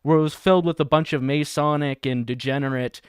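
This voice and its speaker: A man's voice: on the high side, steady tone, brisk, clear, resonant tone, dry recording, clean studio sound. A man hosting a satirical livestream, reading chat and video descriptions aloud with crude jokes and frequent laughter. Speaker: livestream host.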